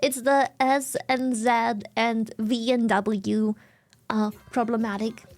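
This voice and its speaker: A woman's voice: fairly high pitch, little pitch movement, takes it slowly, a little mellow. A young woman from Germany with a German accent, chatting casually on a live stream, giggling often and thanking viewers over and over.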